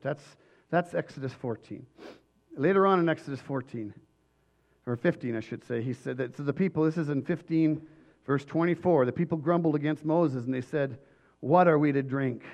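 A man preaching a sermon with emphatic delivery and frequent restarts, his voice slightly hoarse. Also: mid-range voice, a little mellow, lo-fi sound. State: voice going hoarse. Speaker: pastor.

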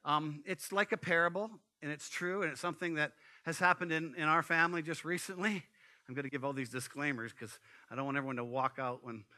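A man preaching a sermon, telling stories in an animated way, full of asides to the congregation. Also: on the high side. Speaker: pastor.

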